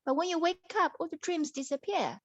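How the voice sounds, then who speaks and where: A woman telling a story to her young child with puppets, animated, acting out the characters and switching into Mandarin now and then. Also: very high-pitched, fairly quick, no echo. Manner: animated, acts out voices, mixes in Mandarin.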